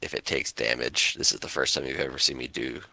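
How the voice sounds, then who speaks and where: A man's voice: extremely low pitch, little pitch movement, fairly quick, gravelly, bright, forceful tone, no room sound. A man playing a tabletop game, eagerly reading out the rules at length. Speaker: player.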